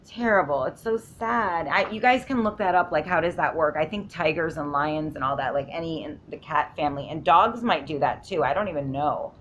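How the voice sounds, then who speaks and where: A woman's voice: sits low, fairly quick, few pauses, a bit bright, slight background noise. A woman vlogging from home, telling a long story in a rambling, emphatic way and often interrupting herself. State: sleep-deprived. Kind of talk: casual storytelling vlog.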